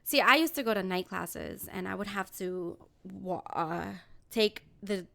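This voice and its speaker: A woman from New York City co-hosting a casual podcast, telling profane, animated stories with laughs. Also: medium pitch, a little slow, gravelly. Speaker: podcast co-host. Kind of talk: casual chat.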